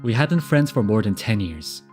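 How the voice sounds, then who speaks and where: A man's voice: on the low side, normal speed, faint music behind. Chatty, laughing male streamer. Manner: animated, laughing, chatty asides. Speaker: streamer giving relationship advice. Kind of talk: casual live-stream chat, reading viewer messages.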